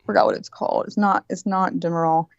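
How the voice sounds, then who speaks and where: A woman's voice: on the low side, fairly even intonation, fast, creaky, dry recording, muffled recording. Profane woman telling a wild story. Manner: profane, vivid storytelling with acted-out quotes. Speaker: birthday guest. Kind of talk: casual chat.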